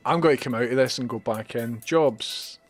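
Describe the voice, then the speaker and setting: A man's voice: medium pitch, moderate pace, faint music behind. A Scottish man chatting and swearing his way through a live gameplay stream, talking to viewers as he plays.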